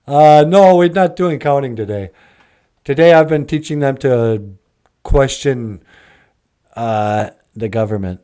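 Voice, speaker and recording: Slow-talking joking man host. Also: mid-range voice, animated, darkish tone. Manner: jokey and easygoing. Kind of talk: comedic puppet-show banter.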